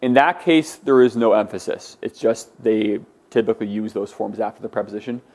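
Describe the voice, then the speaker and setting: This Greek teacher's voice sits lowish and a little mellow, and he talks fairly quickly. During the lecture he walks students patiently through forms and drills them on saying words out loud.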